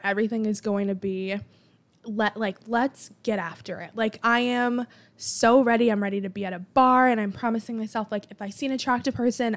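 A young woman in her twenties, chatting casually and with sarcasm as she tells dating stories, full of filler words. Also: medium pitch. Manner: chatty, animated, with frequent "like" fillers; sarcastic disbelief. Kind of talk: casual storytelling monologue.

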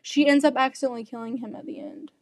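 A young woman co-hosting a podcast, chatting casually and animatedly with quick asides. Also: sits high, steady tone, a crowd in the background. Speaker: podcast co-host. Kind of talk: casual chat.

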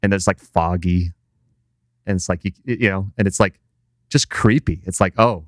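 A man's voice: deep voice, moderate pace, no room sound, clean studio sound. A man in casual chat on a podcast, retelling an anime scene in a loose, profane, filler-heavy way. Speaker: podcast co-host.

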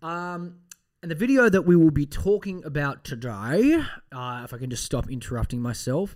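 A man hosts a loose solo podcast with a slightly high voice. He rambles, swears freely and throws in mock threats. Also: expressive, normal speed, darkish tone. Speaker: podcast host.

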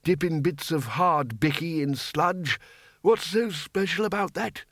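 A man voicing a very old, cheerful, rambling wizard in an audiobook, with a thin, wavering voice and slow, wandering speech. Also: fairly high pitch, fairly bright tone, no room sound, clean studio sound, pitched above the performer's own voice. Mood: grumbling. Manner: slow, drawn-out, wandering off topic. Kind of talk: audiobook character voice.

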